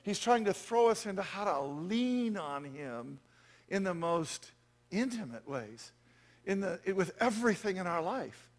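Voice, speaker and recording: A man's voice: high voice, big pitch swings, unhurried. A man preaching a sermon as pastor, conversational and self-deprecating, with frequent asides to the congregation.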